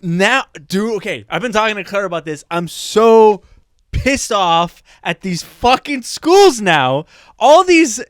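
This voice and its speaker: A man's voice: high-pitched, expressive, takes it slowly, smooth, no echo, clean studio sound. A young man co-hosting a comedy podcast, telling stories with acted-out quotes and plenty of swearing. He speaks English with a Canadian accent. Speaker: podcast co-host. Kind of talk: casual comedy podcast chat.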